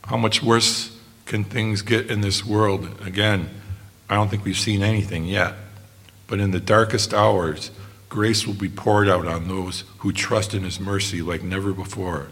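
Low-voiced, earnest male preacher. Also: steady tone, a bit bright. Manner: earnest, measured, slows on quoted passages. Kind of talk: sermon.

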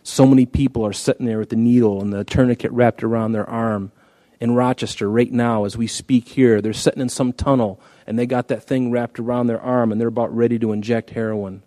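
A man preaches through a scripture passage in an earnest, conversational way, lifting his voice for emphasis. His tone is warm and mellow, and the sound is dry and close. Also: mid-range voice, steady tone, fairly quick, no room sound. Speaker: pastor. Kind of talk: expository sermon.

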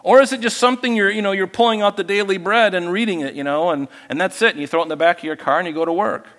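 A man preaching a sermon as pastor, lively and animated, acting out people he quotes. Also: fast, in a large hall. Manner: animated, acts out quoted people in higher voices.

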